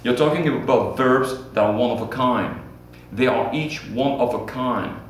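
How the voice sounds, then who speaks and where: Spanish teacher in an echoey classroom. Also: male voice, medium pitch, normal speed. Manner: repetitive, drills students with call-and-response. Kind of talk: classroom lesson at a whiteboard. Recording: very echoey room, distant mic, faint hum.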